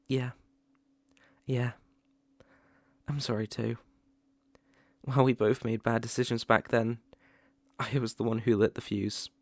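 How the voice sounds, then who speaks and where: A tender, remorseful young ex-boyfriend with a British accent, as a man plays him in a whispered role-play. His voice carries a gravelly, fry-laden edge and he lingers slowly over each halting phrase, close and dry on the mic. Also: medium pitch, little pitch movement, dry recording. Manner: hesitant, halting, with soft laughs. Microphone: close mic, ASMR.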